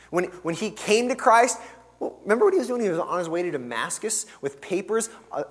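A man preaching a sermon as pastor, earnest and emphatic, pushing hard on key words and then dropping to a soft, low finish. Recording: long reverb of a large hall.

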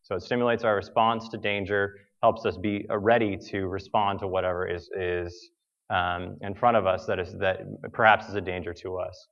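An American man preaching a sermon, telling a personal story in a halting way with many fillers and restarts. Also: sits low, steady tone, fairly bright tone, muffled recording. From United States.

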